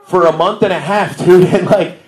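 A man's voice: high voice, fairly even intonation, normal speed. A man in his thirties doing a stand-up comedy set in a bar, loose and self-deprecating, often laughing at his own jokes. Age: 30s. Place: bar room with a live audience. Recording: roomy live venue sound.

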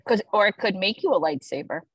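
A woman's voice: mid-range voice, lively intonation, quick pace, slightly rough, no echo, poor audio. A woman hosting a casual video call, presenting the week's content playfully and enthusiastically with jokey asides. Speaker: host presenting weekly social media content.

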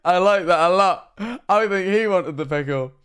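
A young man, streaming casual reaction commentary and often laughing, excitable and swearing. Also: high voice, normal speed, clear, resonant tone.

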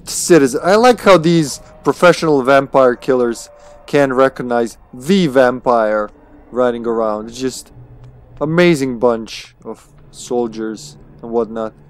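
Man, live game streamer, casual, swears, chuckles, mid-pitched. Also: unhurried. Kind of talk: live gaming commentary.

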